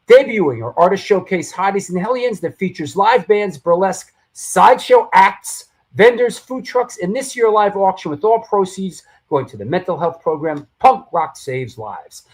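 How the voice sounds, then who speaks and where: Male host, high voice, rambling plugs, trips over words, jokes around. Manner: rambling, stumbling, jokey. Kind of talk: live show announcements.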